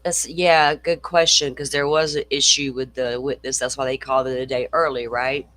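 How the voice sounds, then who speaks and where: A man's voice: medium pitch, flat delivery, moderate pace, sharp tone. A middle-aged man hosting a casual true-crime livestream, swearing freely and reading viewer comments aloud. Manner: profane, ranting, reads viewer comments aloud.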